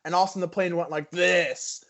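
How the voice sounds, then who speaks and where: A man co-hosting a podcast, thinking things through out loud in casual chat with many restarts. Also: high-pitched, steady tone, fast. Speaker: podcast co-host. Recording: dull lo-fi podcast audio.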